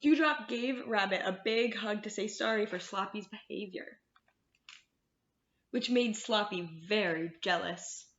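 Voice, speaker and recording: A woman's voice: medium pitch, unhurried, a little hiss or hum. A woman librarian reading picture books aloud to children, talking to them in a sing-song way. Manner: warm, sing-song, talks to kids. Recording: roomy, slightly dull sound.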